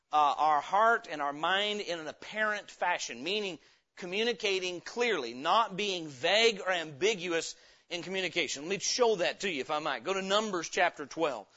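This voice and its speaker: A male pastor delivers a sermon with a high, bright, forward voice. He talks in a folksy, conversational way full of homespun stories, and the church recording sounds dull and lo-fi.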